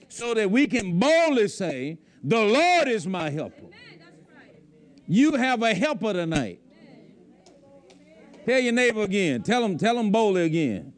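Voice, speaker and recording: A man's voice: high voice, big pitch swings, a little slow, long pauses. A man preaching a sermon to a congregation, emphatic and repeating his lines. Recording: faint crowd from the congregation.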